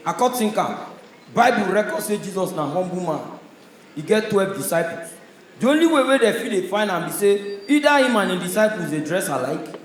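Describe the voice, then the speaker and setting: A Nigerian man delivers stand-up comedy on stage, his voice sitting high and carrying loudly through the room. His stories come in punchy bursts, and a strong hall echo surrounds every line. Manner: loud, punchy storytelling with audience laughter. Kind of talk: stand-up comedy in Pidgin English. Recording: echoey live hall sound.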